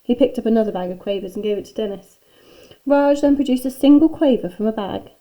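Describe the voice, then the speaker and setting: A woman reading a children's book aloud with expressive storytelling. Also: medium pitch, fairly quick, rough recording. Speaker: school staff reader.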